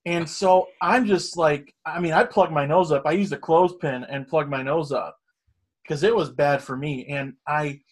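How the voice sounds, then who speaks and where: A man's voice: fairly high pitch, fairly even intonation, normal speed. A middle-aged man telling a long story in casual chat, rambling and swearing freely. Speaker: storyteller guest.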